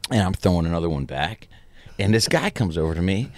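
A man with a low, deep voice tells a loose, rambling story as a guest in an interview. He leans on "you know" and keeps circling back. The sound is dry and close, with no room around it. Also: expressive, fairly quick, no room sound. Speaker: musician guest. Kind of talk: casual anecdote in an interview.

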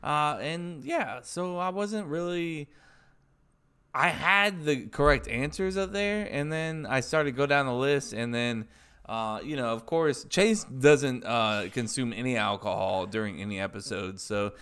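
Rambling, cursing man with a smooth voice. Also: mid-range voice, a little slow, a bit bright. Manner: rambling, profane, defensive. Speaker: podcast co-host. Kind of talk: casual chat.

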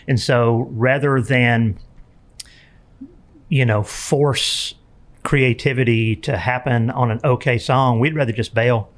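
A middle-aged man, a songwriter guest on a podcast, telling anecdotes in a relaxed, easygoing way. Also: medium pitch. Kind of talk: casual podcast chat.

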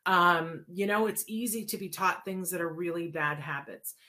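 Telling personal stories and taking listener questions, a female show host speaks casually and expressively, with plenty of fillers and restarts. She has a fairly low pitch and a moderate pace.

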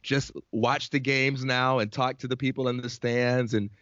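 Man, podcast co-host, excited casual storyteller, very dry close sound, dull lo-fi quality. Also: medium pitch, moderate pace, no echo. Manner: excited storyteller, acts out family dialogue. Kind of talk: casual chat.

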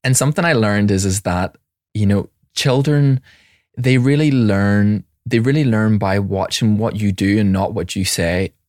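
A man's voice: lowish voice, measured pace, a little mellow, no room sound, clean studio sound. A middle-aged man, a mental health professional, talking in a conversational podcast, acting out quoted voices and often restarting his sentences. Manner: frequent restarts and repetitions.

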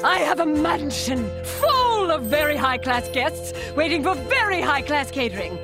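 A prim, impatient society hostess from a cartoon, her voice soaring very high and swooping widely. She speaks slowly and haughtily. Music plays clearly beneath her. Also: very animated. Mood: haughty. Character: snooty high-society cartoon lady hosting guests. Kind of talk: cartoon voice acting. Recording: cartoon clip with music behind.

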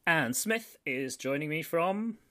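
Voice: mid-range voice, lively intonation, slow pace, fairly bright tone. A British podcast host in a casual chat who is self-mocking and laughs often, speaking with guests on a remote call.

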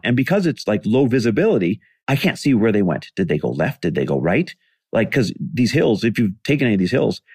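A man's voice: lowish voice, a little mellow, slightly rough, dry recording, studio quality. A man in his forties telling a personal story in a candid, conversational way as a podcast host, acting out what people said. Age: 40s. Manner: candid, conversational, acts out quoted dialogue.

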